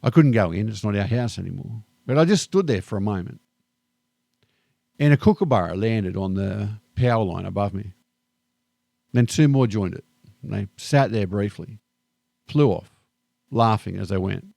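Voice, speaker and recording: A middle-aged Australian man with an Australian accent, reflecting calmly and thoughtfully in a personal vlog monologue. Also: on the low side, vocal fry, dry recording, clean studio sound. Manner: calm, unhurried and thoughtful. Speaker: vlogger.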